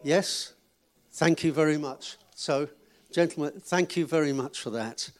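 A man's voice: fairly high pitch, measured pace. A man giving notices at a church gathering and then telling a short joke, in a chatty, friendly way. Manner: chatty, friendly announcer, joking with the audience. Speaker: event leader giving notices.

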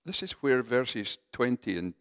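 A man preaching a sermon in a conversational, animated way, talking directly to his congregation. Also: mid-range voice, unhurried, no room sound, studio quality.

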